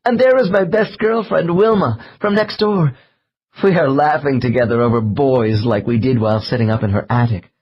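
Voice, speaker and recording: A man voicing an emotional woman under hypnosis, tearful and joyful, whose breathless voice rises into high excited cries. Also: moderate pace, highs cut off, lightly acted. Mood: overjoyed.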